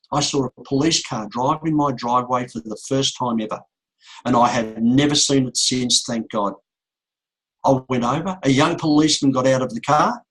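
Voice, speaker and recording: A middle-aged man, a motivational speaker, telling a painful story to an audience in a slow, repetitive way with emphatic pauses. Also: medium pitch, fairly bright tone, slightly rough, rough recording. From Australia. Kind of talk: emotional speech to an audience.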